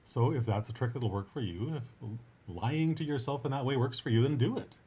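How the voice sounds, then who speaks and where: A man with a mid-range, warm, slightly rough voice talks a little fast as a writing coach hosting his own podcast. His casual motivational monologue is earnest and encouraging, full of sentence restarts and upbeat asides.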